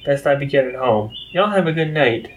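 A man's voice: mid-range voice, animated, brisk, slight background noise, lightly acted. A man voicing a friendly, polite female farm pony who talks in a country drawl.

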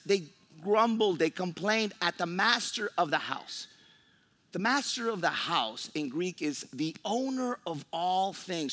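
A male pastor delivers a sermon, alternating scripture reading with lively retellings. His voice sits somewhat high and leaps through a wide, expressive range as he mimics complaining workers. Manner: animated preaching, acts out grumbling workers.

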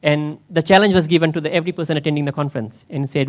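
A man's voice: on the high side, steady tone, rapid-fire, hardly any pauses. A man in the role of pastor, preaching a conversational sermon in church and often asking his listeners questions. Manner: conversational, asks the congregation questions.

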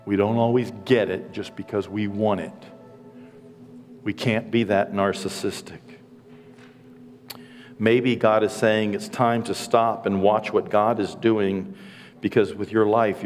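A man's voice: lowish voice, steady tone, unhurried, soft background music. Older guy pastor preaching, earnest and teary, pokes fun at himself, long church echo. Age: 60s. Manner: earnest, emotional, self-deprecating. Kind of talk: sermon. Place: church sanctuary.

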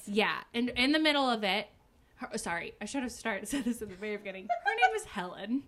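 A woman's voice: a little high, a little fast. A young woman in a casual chat, animatedly retelling a book and acting out its characters' lines with lots of "like". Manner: animated storytelling, acts out characters' lines, frequent "like". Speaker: podcast co-host recapping a book.

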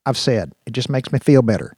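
A man's voice: medium pitch, lively intonation, brisk, mellow, breathy edge, no echo. A folksy, commanding man leading a pack of cyborg dogs, as an actor plays him, with a drawl and a mid-range voice. The voice is recorded dry and close, audiobook style.

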